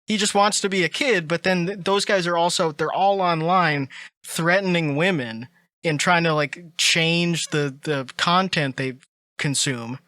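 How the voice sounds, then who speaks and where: A man's voice: a little high, unhurried, pushed and bright, no echo. A young man co-hosting a podcast, blunt and profane in casual chat. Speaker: podcast co-host.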